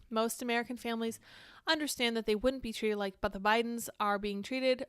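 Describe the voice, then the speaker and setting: A woman's voice: a little high, a bit bright, smooth, no room sound, clean studio sound. A woman hosting casual political commentary, reading news aloud with candid, sarcastic asides. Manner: candid, sarcastic, quick to react and digress.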